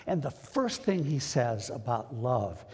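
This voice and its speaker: Folksy male preacher with a husky voice, speaking plainly to the flock in a church with a long echo. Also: mid-range voice, big pitch swings, slow, a little mellow. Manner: folksy, plain-spoken, talks directly to the congregation. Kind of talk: conversational sermon. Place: church sanctuary.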